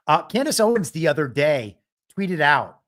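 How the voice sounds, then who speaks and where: A man's voice: fairly high pitch, very animated, normal speed, a bit bright. A man hosting a live political commentary show alone, wry and argumentative, often laughing at his own jokes. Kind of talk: live solo commentary stream.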